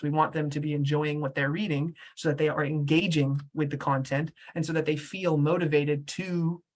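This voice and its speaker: A man presents an English course webinar in a relaxed, chatty way. His voice sits a little higher than most men's. He often checks in with the listeners as he goes. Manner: casual, chatty, fillers and "right?".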